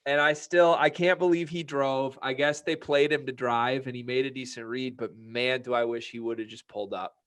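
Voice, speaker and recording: A man's voice: medium pitch, fairly even intonation, normal speed, few pauses, fairly bright tone. A young man co-hosting a casual sports podcast, talking in a fired-up, profane ranting manner. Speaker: podcast co-host.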